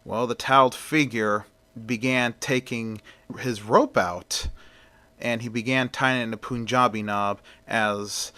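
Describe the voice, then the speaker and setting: A man's voice: medium pitch, steady tone, a little slow, pushed and bright. A man narrating a story in a plain, conversational way.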